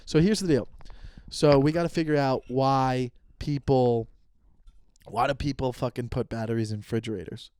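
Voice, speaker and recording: A man's voice: mid-range voice, normal speed, smooth, dry recording. Guy in his 30s ranting on his podcast, swears a lot, bone dry sound. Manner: animated, profane, rambling rants with quoted dialogue. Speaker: podcast host. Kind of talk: solo comedic podcast rant.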